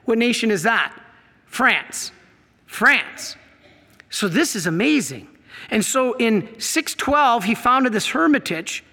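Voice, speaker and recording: Bright-voiced priest in a reverberant hall. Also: male voice, sits high. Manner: lively, laughs, acts out quotes, excitable. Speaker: priest giving a talk. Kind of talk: animated storytelling talk.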